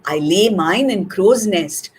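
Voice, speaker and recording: A woman voicing a sly, hushed cuckoo. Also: mid-range voice, lively intonation, takes it slowly, slight background noise. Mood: offhand. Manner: hushed, offhand. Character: sly, breezy female cuckoo.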